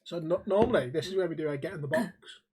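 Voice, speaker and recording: A man hosts a casual late-night podcast, with a slightly husky, breathy edge to his voice. He jokes around, swears freely and laughs easily. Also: on the high side, fast talker, a little mellow. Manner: swearing, joking, laughing often. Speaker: podcast host.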